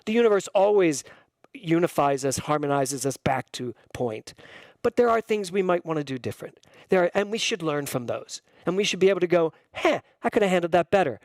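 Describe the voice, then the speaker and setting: A man preaching a sermon with real fervor, his fairly high voice leaping upward and then slowing to hammer home each point. The sound is close and dry, with no room echo around him. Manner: emphatic, animated preaching with sudden rises in pitch and slowed, stressed phrases. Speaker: minister.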